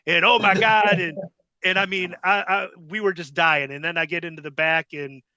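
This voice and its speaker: Middle-aged guy hosting a podcast, storytelling all animated, high bright voice, dry close mic. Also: normal speed, smooth, dry recording, dull audio. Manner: animated, repeats words, acts out quotes. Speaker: podcast host, former ring announcer. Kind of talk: casual storytelling.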